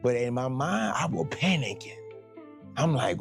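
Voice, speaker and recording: A male preacher with a gravelly, creaky voice at a middle pitch. His delivery is lively and animated, swinging up and down as he acts out his stories. He preaches in a loose, colloquial way, with soft music playing faintly behind him. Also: a little slow. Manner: animated, dramatic storyteller acting out scenes. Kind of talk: sermon storytelling.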